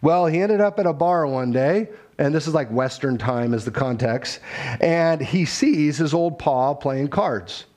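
A middle-aged man preaching a sermon in an earnest, conversational way, with quick asides. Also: fairly high pitch, expressive, a little mellow. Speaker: pastor.

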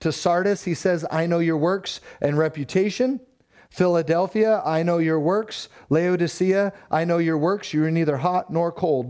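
A male pastor delivering a sermon with a fairly high voice. He preaches emphatically, repeating key phrases for stress. He puts rhetorical questions to the congregation as he goes. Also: darkish tone.

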